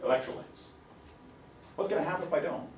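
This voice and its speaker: A man's voice: fairly high pitch, fairly quick, roomy sound. A man lecturing a college class with jokes and questions thrown to the students. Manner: animated, jokey, asks the class questions.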